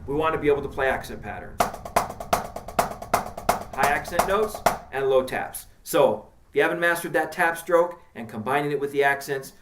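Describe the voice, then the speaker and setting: A man's voice: fairly high pitch, normal speed, echoey room, over loud music. Man giving a direct drum lesson. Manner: direct, encouraging, counts strokes aloud while playing. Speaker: drum teacher. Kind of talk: instructional video lesson.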